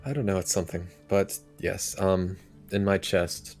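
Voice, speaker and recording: Very deep, gravelly man in role-play. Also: fairly even intonation, darkish tone, faint music behind. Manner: earnest, formal, halting. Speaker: player. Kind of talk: in-character tabletop role-play.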